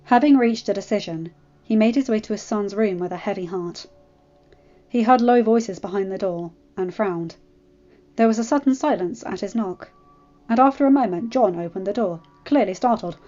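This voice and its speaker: A woman reading fan fiction aloud in a steady, even narration. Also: medium pitch, normal speed, dull audio.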